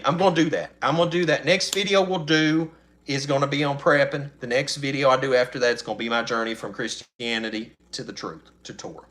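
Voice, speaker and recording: On his channel's live stream, a middle-aged host with a bright, forceful, medium-pitched voice chats casually. His talk is folksy and meandering, with plenty of laughter.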